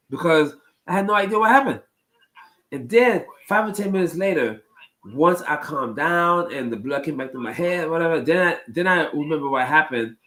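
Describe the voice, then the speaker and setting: A man with a somewhat high voice tells stories to his stream chat in a loose, casual way. He rambles, circles back and repeats his phrases, with plenty of ums and restarts. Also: animated, fairly quick, fairly bright tone, rough recording. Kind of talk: casual storytelling to a live chat.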